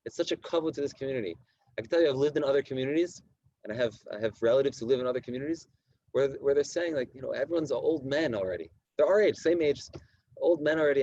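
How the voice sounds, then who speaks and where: A man in his thirties, a rabbi giving a Torah lecture to his community, reading Hebrew texts slowly and explaining them in animated, repetitive English. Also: mid-range voice, dry recording, muffled recording. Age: 30s. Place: community study hall at night.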